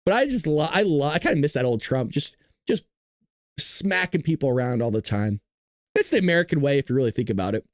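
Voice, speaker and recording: A man's voice: a little high, very animated, brisk, no echo. A man from Southern California with a Southern Californian accent hosting a livestream, joking and rambling on a close mic. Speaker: host. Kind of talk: livestream commentary.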